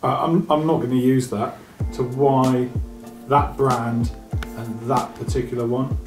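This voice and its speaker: A man's voice: medium pitch, steady tone, unhurried. Teasing male co-host, mid voice, roomy sound with music bed. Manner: wry, teasing, prodding. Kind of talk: casual bantering tech chat.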